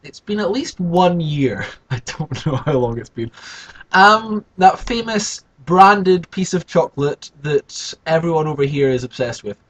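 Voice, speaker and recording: Husky-voiced rambling comedic vlogger man. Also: expressive, a little slow, a bit bright, low-quality recording. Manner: rambling, theatrical, with self-interruptions and big pitch swings. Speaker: vlogger host. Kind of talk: comedic solo vlog.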